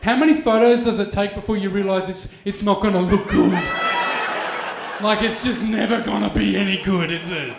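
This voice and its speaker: A man's voice: high voice, steady tone, moderate pace, vocal fry, echoey room, background noise. A man, doing stand-up comedy and telling a crude story with mock voices. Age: 40s. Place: stage in a venue with an audience.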